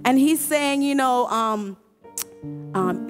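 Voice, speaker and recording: A woman with a high, light voice tells her church testimony in an earnest, emotional way. She stumbles, repeats herself and laughs as she goes. Soft worship music plays faintly behind her. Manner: halting, repeats and restarts words, laughs often. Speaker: choir member giving a testimony. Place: church service.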